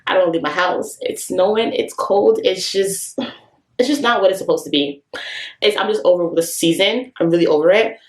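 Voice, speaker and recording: A young woman from Canada, chatting casually to the camera as a fitness vlogger, expressive and given to dramatic complaints. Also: fairly low pitch, brisk, no echo. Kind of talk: casual vlog chat.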